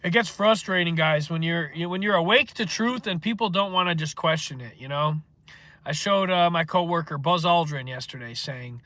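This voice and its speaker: A man's voice: on the high side, moderate pace, sharp tone, no echo. A man hosting a casual livestream, rambling and swearing as he answers chat comments. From northeastern United States. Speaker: livestream host.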